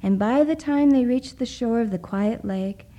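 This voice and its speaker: A woman reading a story aloud in a hushed voice, often dropping into a whisper. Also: fairly high pitch, normal speed, muffled recording. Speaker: narrator. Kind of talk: soft-spoken story reading.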